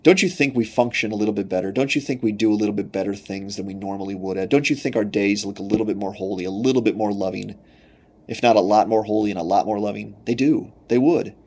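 A man preaching a sermon earnestly, asking repeated rhetorical questions and rising in pitch when voicing God's words. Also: fast talker, darkish tone, slightly rough. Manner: earnest, repetitive rhetorical questions, rises when quoting God.

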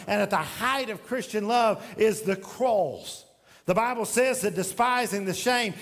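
A man preaching a sermon as pastor in a church sanctuary, swinging between loud emphatic lines and hushed ones. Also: high-pitched, in a large hall.

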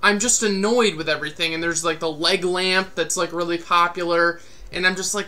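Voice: medium pitch, steady tone, a little fast, hardly any pauses, pushed and bright. A podcast host giving an irritated, profane, sarcastic spoken movie review. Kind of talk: casual spoken review rant.

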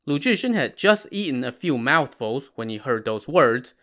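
A man narrating a retelling of a classic novel in a measured way, with wry asides. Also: medium pitch, very animated, fairly bright tone. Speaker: storyteller.

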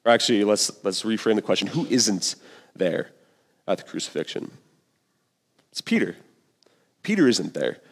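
A man's voice: fairly low pitch, big pitch swings, normal speed, gravelly, pauses often, breathy edge. Man preaching in a reverberant hall. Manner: conversational, slangy, earnest. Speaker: pastor. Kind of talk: sermon.

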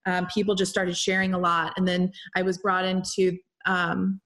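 A woman's voice: lowish voice, monotone, normal speed, fairly bright tone. Chatty woman telling a spiritual story. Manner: chatty, fillers like "like" and "y'all", breathless run-on sentences. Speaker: podcast host and healer. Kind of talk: casual storytelling monologue.

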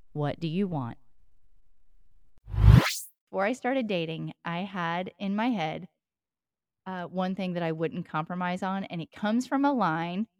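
A woman's voice: fairly low pitch, no room sound, clean studio sound. A woman podcast co-host and life coach, talking in a reflective, coaching way and laughing easily. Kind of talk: casual podcast chat.

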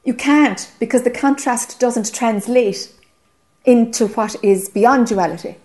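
A woman's voice: a little high, unhurried, a little mellow. A woman with an Irish accent giving a spiritual teaching talk to a group, earnest and often checking whether listeners follow.

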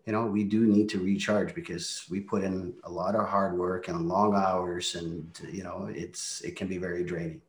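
A man's voice: sits low, level tone, moderate pace, hardly any pauses. A man who leads a real estate team, telling his story in a candid, reflective way during a casual interview. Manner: candid, reflective, drops into quoted asides. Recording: roomy echo.

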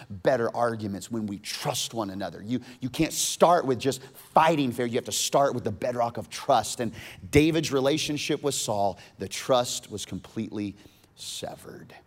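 A man's voice: on the low side, big-room sound. Man preaching in a casual storytelling way. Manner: casual, animated storytelling with modern asides. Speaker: pastor. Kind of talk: sermon retelling a story.

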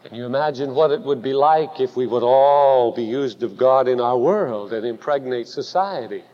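A man preaching a sermon, telling a story dramatically and building to loud emphatic peaks. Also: medium pitch, moderate pace. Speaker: pastor. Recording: dull recording with long hall reverb.

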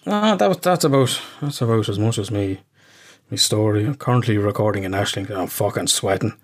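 A man's voice: on the low side, animated, brisk. A middle-aged Irish man co-hosting a casual podcast, talking over a remote call, rambling, swearing often and laughing a lot. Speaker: podcast co-host.

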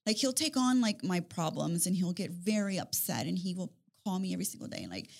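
A woman's voice: on the low side, animated, fairly quick, gravelly, darkish tone. A woman in casual conversation, talking in long rambling runs with repeated words and frequent laughter. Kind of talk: casual chat.

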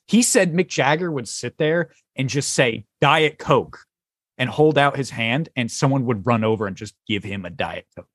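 A man hosting a casual podcast chat, telling stories in an animated way and swearing casually. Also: medium pitch, normal speed, hardly any pauses, no echo. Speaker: podcast host.

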